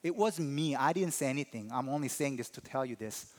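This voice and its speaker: A man preaching a sermon as a pastor, telling a personal story in an animated, emphatic way. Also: medium pitch, brisk.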